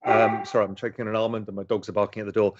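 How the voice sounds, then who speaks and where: This middle-aged man talks very fast in a level, lowish voice while answering chat questions enthusiastically on a casual home livestream. The stream's lo-fi sound is a bit dull.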